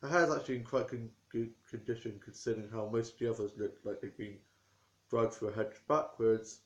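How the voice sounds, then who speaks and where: A man's voice: fairly low pitch, steady tone, a little fast, highs cut off. A young man, chatting casually to camera in a rambling, talkative way from indoors at home. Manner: rambling and chatty, with small restarts. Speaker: vlogger. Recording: echoey room.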